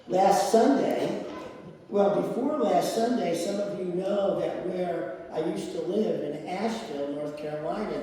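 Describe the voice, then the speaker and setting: A middle-aged man giving a sermon, telling personal stories slowly with laughter. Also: high voice, warm tone, a little hiss or hum. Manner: slow, storytelling with laughs. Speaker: spiritual speaker. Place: large hall with audience. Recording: echoey hall, distant mic.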